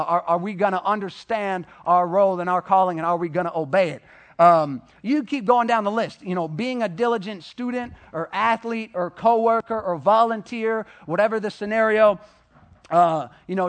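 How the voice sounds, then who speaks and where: High-voiced young man preaching to teens. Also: normal speed, a bit bright. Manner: casual, many fillers, acts out quoted voices. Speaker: youth speaker. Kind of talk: sermon to high school students.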